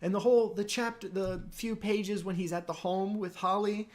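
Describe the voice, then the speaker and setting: Excitable man chatting on a podcast. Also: moderate pace. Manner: excited, with sudden upward jumps in pitch. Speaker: podcast co-host. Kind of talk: casual chat about a comic.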